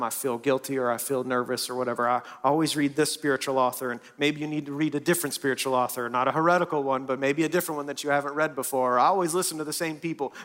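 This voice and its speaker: A man preaching a sermon in a church, swinging from loud and lively to hushed and soft. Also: on the high side. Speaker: pastor.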